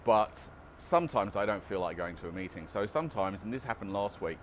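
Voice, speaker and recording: A man's voice: fairly low pitch, lively intonation, fairly quick, slight background noise. A man vlogging casually outdoors about recovery, chatty and self-deprecating, often restarting his sentences. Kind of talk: casual vlog monologue.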